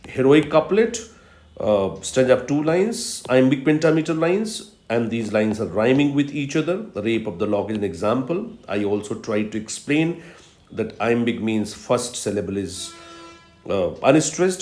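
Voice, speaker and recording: A man giving a recorded literature lecture, explaining patiently and repeating key terms slowly for emphasis. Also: medium pitch, a little mellow. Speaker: literature professor. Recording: roomy echo.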